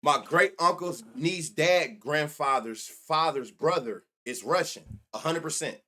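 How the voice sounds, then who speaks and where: A man's voice: a little high, a little slow, pushed and bright. A man hosting a live sports betting stream, chatting casually, joking and cursing at his viewers as he rambles. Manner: rambling, profane, joking, talks to chat. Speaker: sports betting show host.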